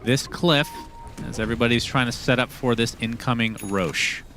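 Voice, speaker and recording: Male play-by-play caster, quick and chatty, heats up during fights, studio with music behind. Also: mid-range voice. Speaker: esports commentator. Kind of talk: live play-by-play commentary.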